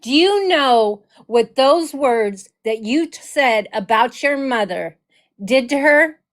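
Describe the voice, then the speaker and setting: Furious high-voiced woman ranting. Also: animated, slow. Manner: furious, swearing, repeating accusations. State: enraged. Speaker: reaction video host. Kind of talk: heated commentary.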